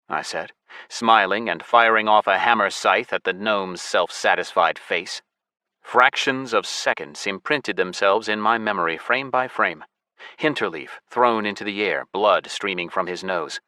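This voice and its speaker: Male audiobook narrator, low forceful voice, dry close studio sound, measured first-person reading. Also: no room sound.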